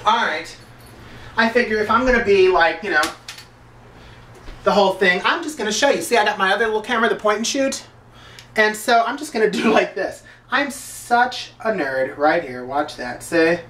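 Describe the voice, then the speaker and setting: A man's voice: high voice, lively intonation, normal speed, bright, forceful tone, reverberant, far from the mic. A man talks his way through cooking in his home kitchen, rambling from one thought to the next with plenty of filler. He stands some way back from the mic, so his voice rings off the walls of the room. A faint background noise runs underneath. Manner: rambling, loose, lots of filler words. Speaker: video journal host. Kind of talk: casual chat while cooking.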